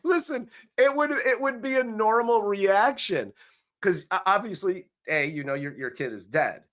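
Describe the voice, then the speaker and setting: A man's voice: high voice, expressive, unhurried, a bit bright. A man co-hosting a casual comedic movie review, recapping the plot crudely and laughing along. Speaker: podcast co-host.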